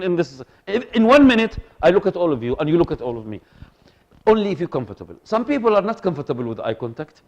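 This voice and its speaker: A male lecturer, talking to a class in a voice that sits high for a man. He is animated and repeats his points, checking again and again that his listeners are following. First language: Arabic. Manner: animated, repeats himself, asks the audience for agreement.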